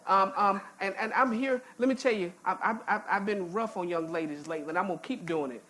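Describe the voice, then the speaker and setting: A woman pastor preaches in a church sanctuary in a folksy, emphatic, informal way, cracking jokes and often repeating words as she restarts. Her mid-range voice is a bit bright, and she speaks briskly.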